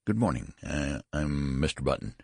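A man playing a frantic gentleman on the edge. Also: a bass voice, lively intonation, normal speed, vocal fry, no echo, studio quality, heavily acted. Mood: anxious. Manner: frantic, pleading. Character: panicked middle-aged gentleman, new father.

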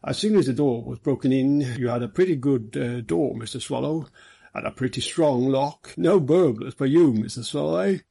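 A man reading an audiobook, voicing a middle-aged police superintendent who talks in an easy, jovial, brisk way. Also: mid-range voice, creaky, warm tone, breathy edge. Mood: genial. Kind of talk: audiobook character voice.

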